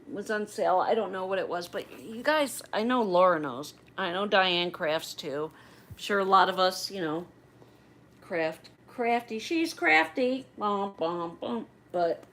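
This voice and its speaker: A middle-aged woman chats through a casual livestream with a voice of ordinary pitch. She rambles from one thought to the next and keeps turning to her viewers. Faint noise sits under her voice. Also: rough recording. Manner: chatty and rambling, addresses viewers directly. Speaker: livestream host.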